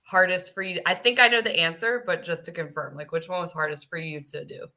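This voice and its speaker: A woman's voice: lowish voice, fairly even intonation, a little fast, sharp tone. A woman co-hosting a casual podcast, asking a guest questions with hesitant fillers. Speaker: podcast co-host. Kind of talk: casual chat.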